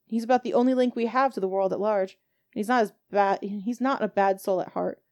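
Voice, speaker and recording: A homely, talkative village landlady, as a woman game master voices her. She sounds mid-pitched and chatters on in a hospitable way. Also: brisk, darkish tone, close to an everyday voice.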